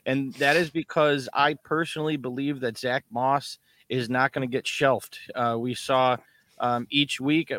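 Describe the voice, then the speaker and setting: A man from Chicago co-hosts a casual sports podcast, wandering through his points with plenty of ums and restarts. His voice sits at an ordinary middle pitch. The recording is close and dry, with no room sound. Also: a bit bright, dry recording. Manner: rambling, restarts with many fillers. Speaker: podcast co-host. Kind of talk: casual chat.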